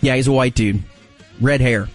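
Male host in his forties, animated storyteller who acts out the voices. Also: normal speed, faint music behind. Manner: animated, acts out quotes with big pitch jumps. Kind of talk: casual storytelling chat.

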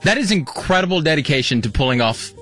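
A man's voice: fairly high pitch, expressive, fast, fairly bright tone, faint music behind. A man hosting a casual chat, teasing and reacting with questions.

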